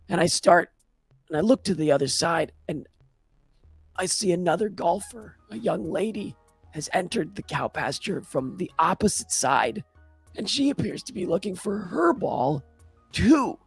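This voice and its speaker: A man's voice: a little high, creaky, slightly rough, dry recording, voice pushed up, full character voice. A man voicing a male golfer who rambles through a long story in a breathless, storytelling way.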